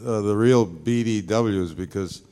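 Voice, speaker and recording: A man answering fan questions as a guest on stage, pausing often with "uh" and chuckling as he tells stories. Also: lowish voice, dark tone, clean tone. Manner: halting, many "uh"s, chuckles often. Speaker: celebrity guest on a fan panel. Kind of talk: casual stage Q&A. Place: large half-full stadium stage.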